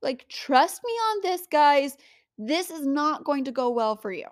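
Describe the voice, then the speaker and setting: A woman's voice: high-pitched, very animated, measured pace, no room sound, clean studio sound, pitched above the performer's own voice. Woman playing an exasperated patient God. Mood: pleading. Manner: pleading, casual, half-joking warnings. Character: God, patient exasperated fatherly male deity.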